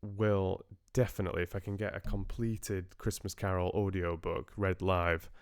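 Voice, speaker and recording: A man's voice: low-pitched, level tone, normal speed, clean tone, no room sound, studio quality. A male audiobook narrator hosting a live stream, chatting casually with viewers in a rambling, hesitant way and often restarting his sentences.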